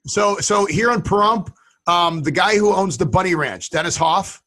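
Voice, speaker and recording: A man co-hosting a casual talk show, telling stories in a rambling, animated way. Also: high-pitched, moderate pace. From western United States. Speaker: podcast co-host. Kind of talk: casual chat.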